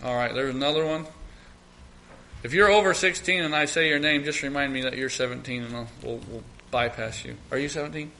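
A man's voice: medium pitch, a little fast, pushed and bright, a little hiss or hum. A middle-aged man leading an evening Bible study, earnest, repeating key phrases and acting out short prayers.

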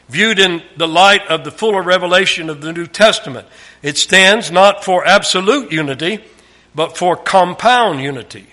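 A man giving a Bible teaching, emphatic, often dropping his voice low at the end of a phrase. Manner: emphatic, drops to a hush at phrase ends. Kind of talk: sermon.

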